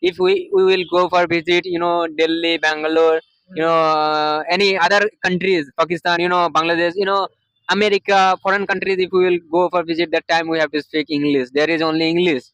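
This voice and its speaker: Man, casual street vlog, halting speech with fillers, higher pitch. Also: fairly even intonation, a bit bright, smooth, dry recording, muffled recording. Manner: halting, many fillers like "you know" and "uh". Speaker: vlogger. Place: outdoors on a street near a market.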